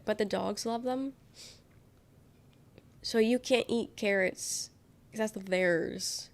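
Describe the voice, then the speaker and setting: Giggly young woman streamer chatting. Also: medium pitch. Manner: chatty, giggly, swears casually. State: slight throat tickle. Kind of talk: casual live-stream chat.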